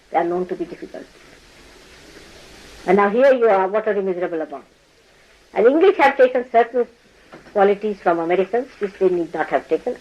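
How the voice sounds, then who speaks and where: Animated woman chiding with laughter. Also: mid-range voice, muffled recording. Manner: animated, chiding, laughs often, mimics people. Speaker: spiritual teacher. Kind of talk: lecture to followers. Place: indoor ashram gathering.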